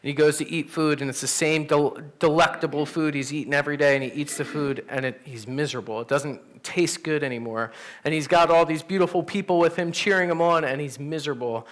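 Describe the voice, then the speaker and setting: A man, a pastor, teaching an adult Sunday class in a church room, telling stories in a casual, animated way. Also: fairly high pitch, brisk. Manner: animated, storytelling, conversational with fillers. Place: church classroom with teens present.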